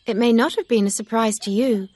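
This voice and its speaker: A woman voicing an earnest young gentlewoman in an audiobook reading, speaking quietly and with self-reproach. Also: fairly high pitch, brisk, dry recording, pitched above the performer's own voice, natural voice.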